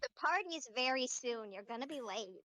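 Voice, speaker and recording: A woman's voice: high-pitched, lively intonation, moderate pace, fairly bright tone, no echo. A woman voicing a tiny childlike robot animatronic that teases and bosses a lost player character in a tabletop game. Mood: bossy. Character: childish small robot animatronic, teasing and bossy.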